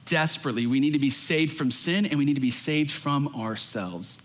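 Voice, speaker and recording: A man's voice: mid-range voice, moderate pace. A young adult man, a pastor, preaching a sermon in an earnest, emphatic way.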